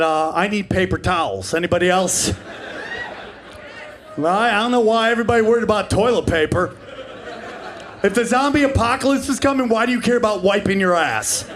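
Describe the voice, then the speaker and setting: A man in his forties performs stand-up, brash and profane, with a high-pitched voice. He slips into quick character voices as he tells his stories, and a light hum of room noise sits behind him. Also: a bit bright. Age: 40s. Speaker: stand-up comedian. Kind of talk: stand-up comedy set. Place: comedy club stage before a live audience.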